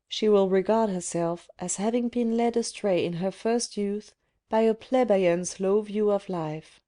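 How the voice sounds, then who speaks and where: A woman's voice: medium pitch, a little slow, mellow, lightly acted. A woman reader voicing a proud, bitter young man brooding on his fate, in audiobook narration. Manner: inward, bitter musing.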